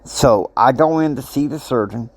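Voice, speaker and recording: A man's voice: mid-range voice, normal speed. A man telling a personal story, emotional and acting out the voices of people he quotes.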